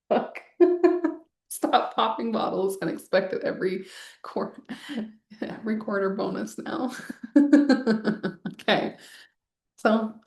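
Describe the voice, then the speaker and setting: She takes it slowly, leaving long pauses, her mid-range voice gravelly and a little mellow against a reverberant backdrop. The woman is guiding a group through a live online wealth masterclass, rambling casually with sighs and the odd bit of swearing.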